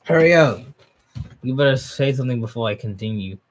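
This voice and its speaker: Young man, live-stream reaction, reading aloud, laughing, excitable, chatting with viewers. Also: brisk, slight background noise. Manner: excitable, laughs often, jumps up in pitch when hyped. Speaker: streamer reacting to a manga chapter.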